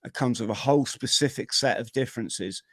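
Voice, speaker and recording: A middle-aged man, a podcast guest, telling his own story in a vivid, energetic way with plenty of slang. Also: medium pitch, a little fast, no room sound, clean studio sound. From Britain. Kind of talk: personal storytelling in an interview.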